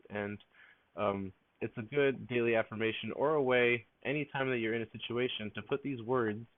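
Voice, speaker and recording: Low-voiced man teaching over a tinny line. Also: no room sound. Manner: relaxed, with many "um" fillers. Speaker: fellowship leader on a live stream. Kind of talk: casual teaching talk. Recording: tinny phone-like live stream audio.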